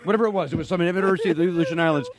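A middle-aged man, a podcast guest, telling comic stories in casual chat and putting on gruff voices for the people he quotes. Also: high voice, racing, noisy background. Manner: animated storyteller who slips into gruff voices for the people he quotes.

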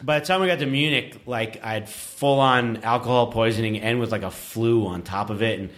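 A man's voice: medium pitch, a little fast. Profane storytelling New man. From Queens, New York. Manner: animated, profane, laughing often. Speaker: podcast guest, metal musician. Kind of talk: casual storytelling.

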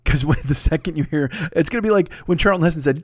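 A man hosts a solo podcast with a rapid-fire, rambling rant full of profanity and self-mockery. His voice sits a little high for a man. The sound is dry and close, with no room around it. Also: no echo. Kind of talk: casual comedic rant.

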